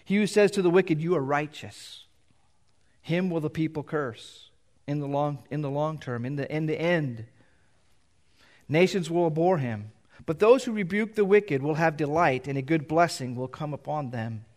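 A man's voice: fairly high pitch, lively intonation, normal speed, a little mellow. Man preaching a conversational sermon. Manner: reads scripture aloud and explains it; loose and conversational between readings. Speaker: pastor. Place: church sanctuary.

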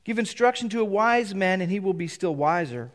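A middle-aged pastor preaching in a church, reading scripture aloud and explaining it in a loose, conversational way. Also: male voice, sits high, expressive, brisk. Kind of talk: sermon. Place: church sanctuary.

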